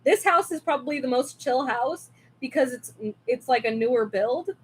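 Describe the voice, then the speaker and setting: Young woman host, high voice, rambling casual livestream chat at home, desk mic. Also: moderate pace, breathy edge. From California. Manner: rambling and chatty, with many fillers and self-asides. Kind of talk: casual live-stream chat. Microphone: desk mic with webcam.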